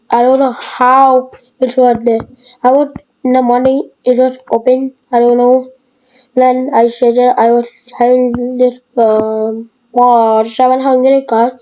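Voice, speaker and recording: A woman giving casual, rambling gameplay commentary in short excited bursts. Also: a little high, muffled recording, a little hiss or hum. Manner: excitable, rambling, broken phrasing. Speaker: gaming video creator.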